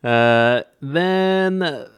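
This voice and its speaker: A man's voice: a little high, lively intonation, extremely slow, clear, resonant tone, no room sound. A young man hosting a podcast in casual chat, rambling with lots of fillers and restarts. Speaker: podcast host.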